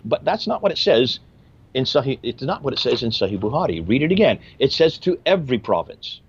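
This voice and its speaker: A man's voice: mid-range voice, sing-song, a little fast, breathy edge, dull audio. A man giving emphatic, lecture-style commentary and asking rhetorical questions.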